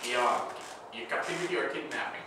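In a church classroom, a man gives a casual Bible school lecture in a medium-pitched voice at a slightly fast pace. He talks conversationally, acts out scenarios, and keeps asking the class "right?" The echoey room, distant mic and background noise are audible.

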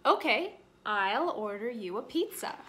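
A woman's voice: on the high side, sing-song, measured pace, pushed and bright, full character voice. A woman reading as a timid little bunny. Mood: pleading. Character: small timid bunny rabbit, polite and nervous.

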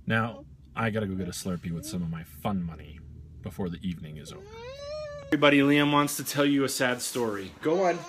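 A man's voice: on the low side, lively intonation, fast talker. A young father hosting a casual family vlog in a rambling, self-mocking way. His voice rises and falls freely as he talks. There is a faint hiss of background noise under him. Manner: joking, self-deprecating, rambling.

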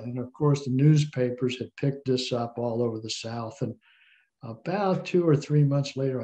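A middle-aged man, a guest in an interview, telling a long personal story in an animated way. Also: mid-range voice. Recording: slightly dull, lo-fi sound.

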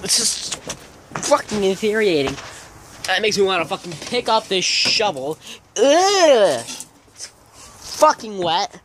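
A man's voice: high voice, expressive, a little slow, noisy background. A young man vlogging outdoors in fog on his own phone camera, grumbling and swearing constantly in a casual rant. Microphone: phone camera held by the speaker.

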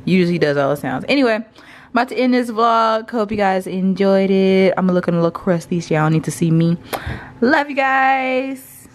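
A woman's voice: medium pitch, fast. A young woman, chatting casually to camera as a mom vlogger at home, laughing often. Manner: chatty, laughing, mixes in baby talk. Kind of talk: casual vlog chat to camera.

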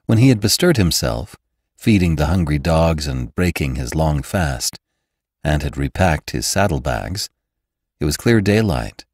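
A man, the host of the show, narrating a classic novel in a measured, expressive storytelling voice. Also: low voice, no room sound, clean studio sound. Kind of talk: scripted audiobook narration.

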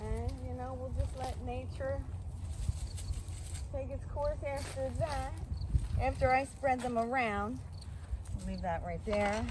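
A woman vlogger, who calls herself a spiritual practitioner, talks chattily and earnestly while walking through the woods, a little out of breath. Her voice is high and fairly even in intonation, and she speaks slowly with frequent pauses. It's a casual walking vlog, captured as a noisy outdoor field recording.

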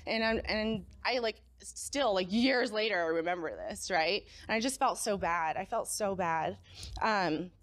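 A woman's voice: a little high, a little fast, a bit bright. Chatty young woman giving church testimony. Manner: casual and conversational, often asks the crowd "right?"; engages the audience, asks them to call out. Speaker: speaker at a young adults' church gathering. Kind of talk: personal testimony talk.

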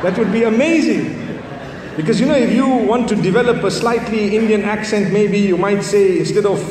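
A man's voice: sits high, normal speed, a little mellow. A man preacher giving a humorous lecture to an audience, telling jokes and stories in a conversational way. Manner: joking, conversational storytelling. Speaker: Islamic preacher. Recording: echoey hall from a distance, faint background noise.

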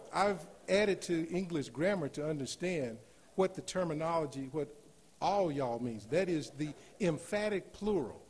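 A man preaching a sermon in a church, rising to loud emphatic scripture reading and dropping to softer asides. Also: a little high. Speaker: guest preacher. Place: church sanctuary.

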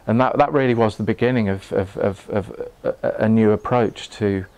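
A man, giving a live talk to a group in a room, earnest and halting, often restarting his words and laughing. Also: fairly low pitch, a little mellow, no room sound. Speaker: meditation teacher. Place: room with an audience.

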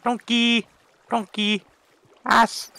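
A man's voice: very high voice, monotone, drawn-out words, vocal fry, bright, forceful tone, exaggerated voice, poor audio. A man voicing a naive, rambling young boy who narrates his gameplay in broken, childlike grammar with silly, random tangents. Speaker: game commentator. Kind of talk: comedic gameplay commentary.

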